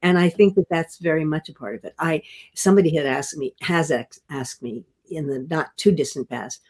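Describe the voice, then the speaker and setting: An older woman, a veteran actress, telling stories in an interview, halting and restarting often as she chuckles. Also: deep voice, a little mellow, husky. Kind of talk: interview storytelling.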